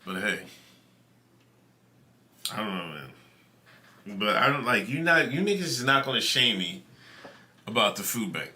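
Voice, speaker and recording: A man's voice: fairly low pitch, big pitch swings, unhurried, pauses often, sharp tone, a little hiss or hum. A man hosting a livestream, telling a story to his chat in a loose, profane, conversational way. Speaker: livestream host. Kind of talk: casual storytelling to stream chat.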